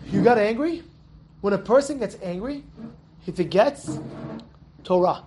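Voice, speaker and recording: Guy teaching a torah lesson, high voice, all animated, keeps asking the room questions and repeating himself. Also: a little slow, a little hiss or hum. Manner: animated, rhetorical questions, repeats and restarts words.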